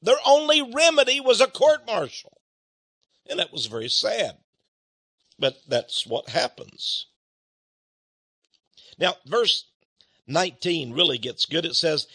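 An older man preaching a sermon in an animated way, acting out quoted people and swinging between loud and soft. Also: high voice, takes it slowly, pauses often, breathy edge, no room sound, studio quality.

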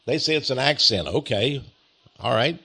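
A man's voice: medium pitch, expressive, normal speed, gravelly, sharp tone, breathy edge. A man with an East Texas accent, hosting a talk monologue, reading a critical article aloud and mocking it with sarcastic, chuckling remarks. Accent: Texan. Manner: chuckling, drawling, sarcastic, repeats phrases with mock pride. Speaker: host.

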